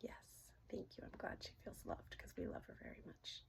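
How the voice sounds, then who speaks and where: A middle-aged woman gently asking questions aloud in a casual session, hesitant and often dropping to a whisper. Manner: soft-spoken, halting, often drops to a whisper. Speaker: dowsing-rod reader.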